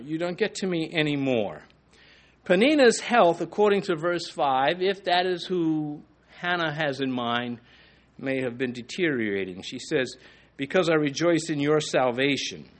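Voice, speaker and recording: Man, preacher, verse-by-verse sermon, slightly high voice, slow emphatic scripture reading, soft low asides. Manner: slows and rises in pitch on quoted scripture. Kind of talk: expository sermon.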